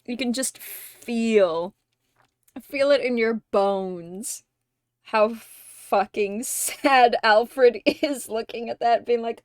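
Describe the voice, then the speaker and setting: A woman hosting a casual livestream chat with viewers. She laughs constantly, swears freely and gushes like an excited fan. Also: a little high, drawn-out words, no room sound, studio quality. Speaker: streamer host.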